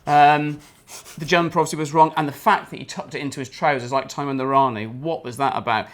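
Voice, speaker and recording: Quick-talking man, nitpicky. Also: a little high, fairly even intonation. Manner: eager, detailed nitpicking. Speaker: podcast guest. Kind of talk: casual chat.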